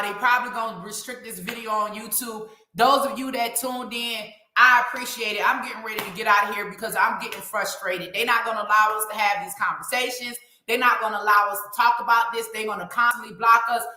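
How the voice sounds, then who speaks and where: A woman's voice: fairly high pitch, fairly even intonation, a little fast, pushed and bright, slight background noise. A woman hosting a live online show, speaking in an emphatic, preachy way and calling out to her viewers. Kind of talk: impassioned livestream commentary. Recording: echoey room.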